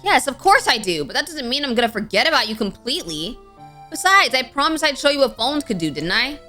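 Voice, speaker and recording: A woman's voice: high voice, a little fast, faint music behind. A young woman streamer reading a game story aloud with dramatic flair and playful casual asides. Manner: expressive, with sudden playful outbursts.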